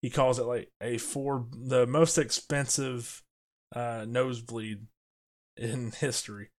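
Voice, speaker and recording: A man co-hosting a casual podcast discussion, talking animatedly and slipping into quick character quotes as he explains scenes. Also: mid-range voice, fairly even intonation. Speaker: podcast co-host.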